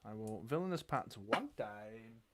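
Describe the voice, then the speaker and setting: A man's voice: lowish voice, lively intonation, moderate pace, very noisy. A British man co-hosting a live tabletop dice game, casually thinking aloud as he reads cards and counts dice. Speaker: game show co-host.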